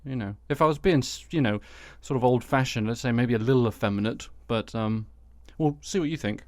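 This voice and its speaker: A man's voice: mid-range voice, fairly quick. A man hosting a satirical news podcast, commenting with sarcastic, dry asides. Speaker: podcast host.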